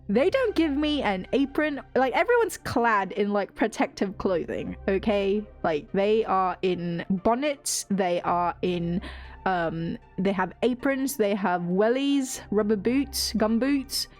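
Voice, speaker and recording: A woman's voice: mid-range voice, animated, slow pace, soft background music. A woman streamer telling a rambling story in casual chat. She swears freely and laughs often.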